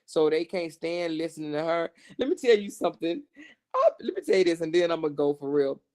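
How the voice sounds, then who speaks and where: A woman hosting a casual gossip livestream, cursing freely and laughing often as she talks. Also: lowish voice. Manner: profane, animated, laughs often. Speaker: livestream host.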